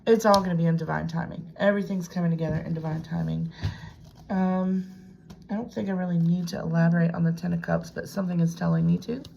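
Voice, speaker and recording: Speaking quickly in a low, fairly even voice with vocal fry, a woman chats to herself during a casual tarot reading at home by a piano desk, sometimes dropping to a whisper. The highs are cut off and there's slight background noise.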